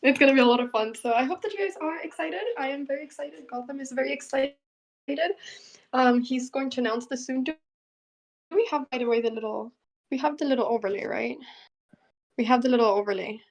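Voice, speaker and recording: High-voiced young woman chatting on stream. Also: fairly quick, rough recording. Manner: chatty, laughs often, thanks viewers. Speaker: chess streamer. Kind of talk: casual live-stream chat.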